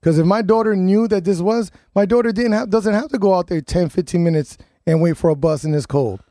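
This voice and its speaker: A man's voice: high-pitched, brisk, mellow, no echo, clean studio sound. Ranting, fired-up male radio host. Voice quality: ranting, repeats words and restarts. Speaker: radio talk show host. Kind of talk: live talk radio chat.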